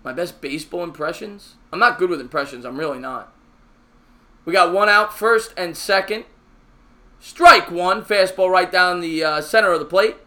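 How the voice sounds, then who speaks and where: Man, fan play-by-play, high voice, sharp forceful tone, chatty with viewers, excitable on big plays. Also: moderate pace. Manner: chatty, answers viewer comments between pitches. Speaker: live stream host.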